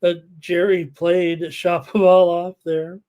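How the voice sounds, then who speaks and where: A man hosting a live sports betting show, excitable and full of "uh" fillers, reading viewer chat aloud. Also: high-pitched, takes it slowly, clear, resonant tone.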